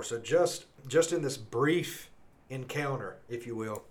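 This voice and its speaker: Earnest man teaching scripture. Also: medium pitch. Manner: earnest, reads scripture slowly and emphatically, then rambles with restarts. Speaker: podcast co-host. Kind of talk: conversational Bible teaching.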